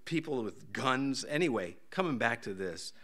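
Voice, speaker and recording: Folksy, animated older male pastor. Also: moderate pace. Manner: folksy, jokey, acts out voices in high pitch. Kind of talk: casual sermon with jokes. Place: church.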